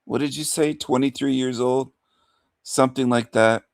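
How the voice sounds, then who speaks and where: A man's voice: medium pitch, steady tone, normal speed, no echo, clean studio sound. A man hosting a livestream rant in a mocking, taunting manner, chuckling between insults. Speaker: livestream host.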